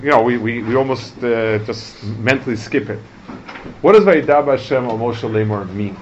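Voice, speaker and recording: A man giving a Torah class, talking in a halting way with many restarts and Hebrew terms. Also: mid-range voice, slight background noise. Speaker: Torah teacher. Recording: dull lo-fi recording with faint ambience.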